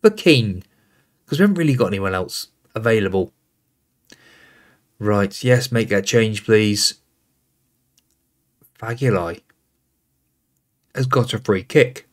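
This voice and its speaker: A man's voice: on the low side, animated, takes it slowly, pauses often. A man hosting a football management game, calling out player names and reacting with exasperation as play unfolds. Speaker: gaming host. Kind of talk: casual game commentary.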